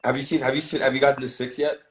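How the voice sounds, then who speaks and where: A man's voice: mid-range voice, flat delivery, very fast, slight background noise, rough recording. A man from the American South, a guest actor chatting casually and playfully on a live stream. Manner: laid-back, playful, lots of "like".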